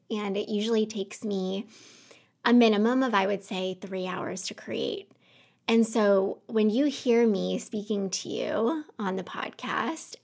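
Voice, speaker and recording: In her home office, a woman podcast host with a gravelly mid-range voice delivers an unscripted personal monologue. Earnest and self-reflective, she sounds emotional, close to tears, and rambles a little.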